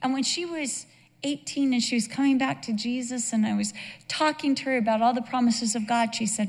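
A woman's voice: fairly high pitch, fairly quick, darkish tone. Earnest woman testifying in a hall. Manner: earnest, emotional storytelling with acted dialogue. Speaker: speaker giving a testimony. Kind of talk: sermon testimony. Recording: long reverb of a large hall.

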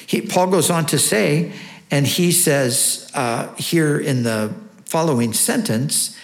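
A male pastor delivers an earnest teaching sermon. He asks his listeners rhetorical questions. His voice sits slightly high and rings with room echo. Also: slow pace, gravelly. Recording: echoey room.

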